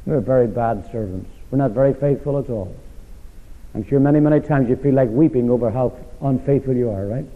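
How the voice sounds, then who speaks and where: A man preaching a sermon, throwing rhetorical questions at his listeners and swinging from loud emphasis to hushed asides. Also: mid-range voice, a little fast. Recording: echoey hall over a tinny, phone-like line.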